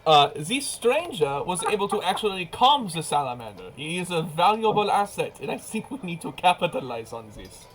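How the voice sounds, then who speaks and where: A man voicing a smooth, scheming male companion in a put-on French accent, courtly and coaxing. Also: sits high, sing-song, normal speed, hardly any pauses, fairly bright tone, poor audio. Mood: persuasive.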